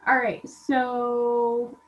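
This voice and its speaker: A woman's voice: fairly high pitch, extremely slow. Instructor woman giving class reminders. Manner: relaxed, filler-heavy reminders. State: unwell. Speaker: college instructor. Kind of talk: recorded class announcements. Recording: dull lo-fi class recording.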